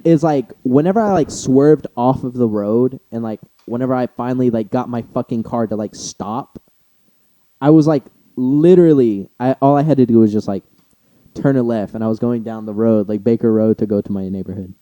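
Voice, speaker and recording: A man's voice: medium pitch, moderate pace, warm tone, dry recording, muffled recording. A young man in casual podcast chat, swearing freely and acting out quoted lines with big jumps in his voice. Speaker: podcast co-host.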